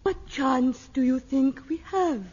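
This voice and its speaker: An actress playing a stiff amateur actress reading melodrama lines in a stilted, wooden way, in a 1960s radio sitcom. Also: female voice, sits high, takes it slowly, darkish tone, slightly rough, full character voice. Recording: dull lo-fi old radio recording.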